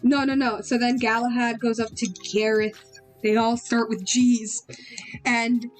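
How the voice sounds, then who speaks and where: Young woman rambling while drawing, giggly and slangy, high voice, faint music. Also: flat delivery, measured pace. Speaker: artist streaming while drawing. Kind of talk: casual chat while drawing.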